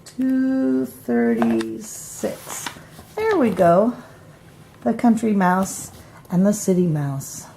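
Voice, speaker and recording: An older woman, a grandmother, reading a storybook aloud to her grandchildren in an unhurried way. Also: medium pitch, a little mellow.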